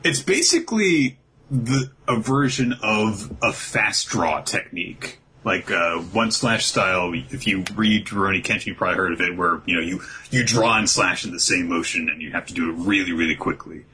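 A man's voice: deep voice, moderate pace, hardly any pauses, husky, rough recording. A man hosting a casual chat, recapping a comic's plot in an easygoing way and acting out characters' lines. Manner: animated, acts out characters' lines with laughs. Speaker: podcast host recapping a manga.

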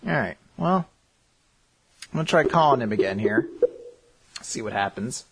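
A man hosting a podcast, giving a casual anime recap in an animated storytelling style with frequent swearing. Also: mid-range voice, moderate pace, gravelly, background noise. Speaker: podcast host. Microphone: computer mic on a video call.

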